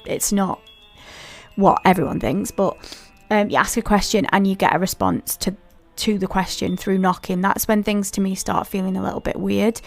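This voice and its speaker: A woman's voice: mid-range voice, normal speed, creaky, soft background music. Woman, podcast host, casual paranormal storytelling, direct asides to listeners. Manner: conversational, talks straight to listeners with asides.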